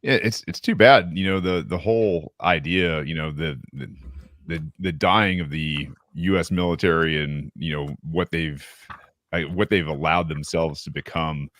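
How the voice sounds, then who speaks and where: A man's voice: very deep voice, unhurried, fairly bright tone, no room sound, studio quality. A man hosting a live podcast, chatting casually and rambling with many fillers and restarts. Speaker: podcast host. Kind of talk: casual live-stream chat.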